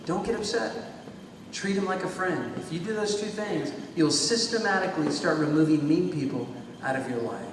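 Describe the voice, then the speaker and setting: A man giving an animated motivational talk to students at a school assembly, leading the crowd in call-and-response chants, speaking into a small microphone on a stand. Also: on the high side, normal speed, noisy background. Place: large school hall or gym. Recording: echoey hall, voice from far off.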